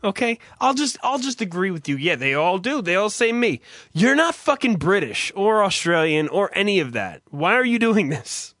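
Bright, teasing male podcast host. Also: high-pitched, very animated, normal speed, no echo, studio quality. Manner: loud, teasing, exasperated and profane. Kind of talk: comedy podcast banter.

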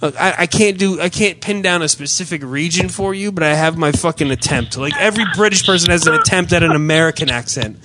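A man's voice: on the high side, fast talker, few pauses, bright, forceful tone, a little hiss or hum. A man hosting a podcast, swearing freely and teasing a caller in casual comedic chat. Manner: crude, profane, mocking. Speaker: podcast host.

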